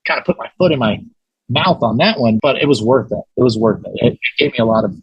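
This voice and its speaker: A man's voice: mid-range voice, expressive, fast talker, husky, no echo, dull audio. A man as a podcast guest, telling a story casually and animatedly, acting out quoted voices, with many fillers.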